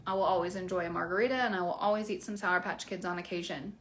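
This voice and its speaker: A woman's voice: on the low side, steady tone, fast talker, fairly bright tone, a little hiss or hum. A young woman coach talking frankly and casually to her viewers, with many fillers. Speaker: keto coach. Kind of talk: casual promotional video talk.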